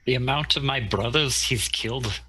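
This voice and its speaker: A man playing a tabletop game, speaking slowly and resentfully in character. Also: medium pitch, pushed and bright, a little hiss or hum.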